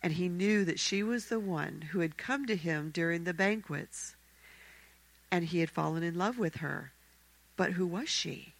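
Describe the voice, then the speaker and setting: A woman telling a fairy tale aloud in a church service, expressive and acting out the characters. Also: lowish voice, a little slow, gravelly, no room sound, rough recording. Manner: expressive, acts out the characters' voices. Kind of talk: animated fairy-tale storytelling.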